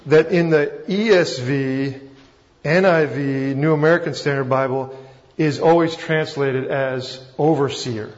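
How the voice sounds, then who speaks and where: A man's voice: mid-range voice, a little slow. A man with a Texan accent, teaching a Bible lesson as a pastor in a folksy, self-deprecating, conversational way. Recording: dull recording with long hall reverb.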